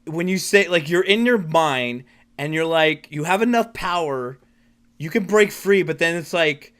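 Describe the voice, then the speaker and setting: A man's voice: a little high, animated, unhurried, fairly bright tone, clear, resonant tone. A man narrating as game master of a tabletop role-playing game, rambling with many restarts and fillers.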